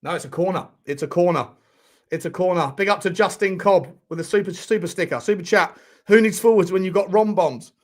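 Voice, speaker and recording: Host: man, high voice, live match reactions with lots of shouting and swearing. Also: fairly quick. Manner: excitable, shouts at players, swears a lot. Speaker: football watchalong host. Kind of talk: live football watchalong commentary.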